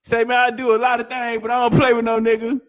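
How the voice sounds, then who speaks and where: A man reacting to a clip with loud, laughing, profane banter. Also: very high-pitched, completely flat delivery, fast. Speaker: reaction streamer. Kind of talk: casual reaction commentary.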